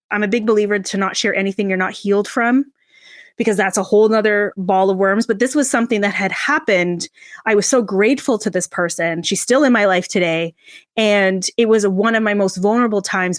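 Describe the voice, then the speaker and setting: A woman podcast guest telling a personal story in an animated, expressive way, acting out the voices she quotes. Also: dry recording, clean studio sound. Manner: expressive, acts out quoted voices with big pitch jumps.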